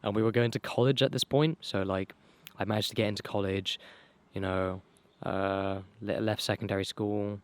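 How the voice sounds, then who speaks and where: A man's voice: lowish voice, fairly even intonation, normal speed. Young man telling his life story. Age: young adult. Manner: rambling, swears casually, many fillers and restarts. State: losing his voice. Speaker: vlogger. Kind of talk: casual personal storytelling.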